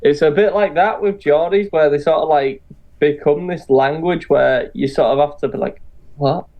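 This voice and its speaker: A man casually explaining things in a relaxed, rambling way. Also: on the high side, moderate pace, lo-fi sound. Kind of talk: casual chat.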